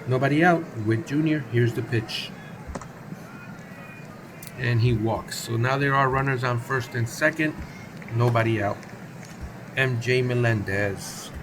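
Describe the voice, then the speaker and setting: A man's voice: medium pitch, unhurried, pauses often, noisy background. A man calling play-by-play for a simulated baseball game on his own, casual and chatty, with asides and self-corrections. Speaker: play-by-play commentator.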